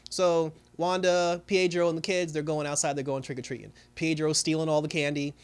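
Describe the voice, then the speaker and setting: A man's voice: on the high side, level tone, fairly quick, clear, resonant tone. A man giving a casual recap of a TV episode, rambling along with many fillers. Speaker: TV show reviewer.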